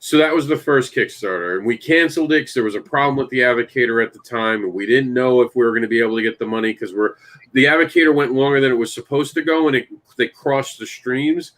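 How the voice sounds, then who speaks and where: A man at an ordinary middle pitch, talking in a loose, chatty way. He hosts the show and tells long stories with lively energy. He keeps turning to his co-hosts and asking them questions. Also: fast. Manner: animated storyteller, talks to co-hosts by name. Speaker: podcast host and comic creator. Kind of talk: casual chat.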